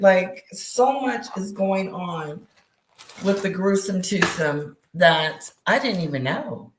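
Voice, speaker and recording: A woman chats live from her bed late at night, gossiping and exclaiming as her voice swings high and low. She talks at an unhurried pace in a lowish voice, and the sound carries a roomy echo. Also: slight background noise. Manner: animated, laughing, gossipy, exclaiming. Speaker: livestream host. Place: bedroom at night. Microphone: device screen close up.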